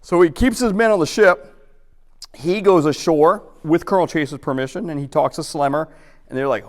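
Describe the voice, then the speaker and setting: A man giving an informal history talk to a roundtable audience, chatty and acting out quotes in lively voices. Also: a little high, brisk, big-room sound. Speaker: guest historian. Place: lecture hall.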